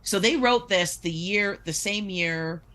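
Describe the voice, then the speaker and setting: She is a podcast guest who explains policy step by step, restarting her sentences as she goes. Her pitch sits in an ordinary middle range. When she reads excerpts aloud she keeps the same earnest, conversational tone. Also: a little slow, bright, forceful tone. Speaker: guest discussing poverty policy.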